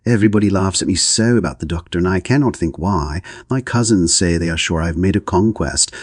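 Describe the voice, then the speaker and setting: Simpering, affected young woman voiced by a man, low and husky. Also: fairly quick, dry recording, studio quality.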